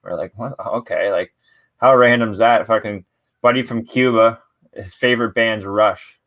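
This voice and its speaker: A man's voice: on the low side, fairly even intonation, moderate pace, fairly bright tone. A man from Canada hosting a podcast, chatting casually with lots of swearing and laughter. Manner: laid-back, profane, laughs often. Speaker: podcast host. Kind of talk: casual chat.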